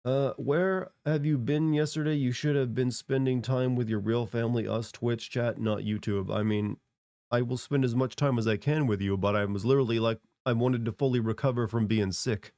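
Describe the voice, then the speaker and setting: A man's voice: mid-range voice, steady tone, moderate pace, darkish tone, no room sound. A congested man streaming, rambling casually as he answers chat. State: congested from a cold.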